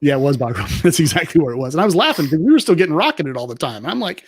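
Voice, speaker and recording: A man who is a military veteran, telling a story with lively acted-out quotes on a podcast. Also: fairly high pitch, racing, slightly rough. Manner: lively anecdote teller, acts out quotes. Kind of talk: animated storytelling in casual chat.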